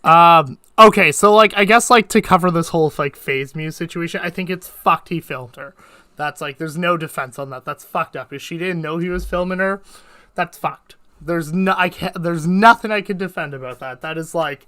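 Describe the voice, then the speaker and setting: A man with a bright, forceful voice pitched a little high, chatting on his livestream. He rambles and leans heavily on filler words, with plenty of swearing mixed in. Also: normal speed. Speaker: streamer host. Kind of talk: casual livestream chat.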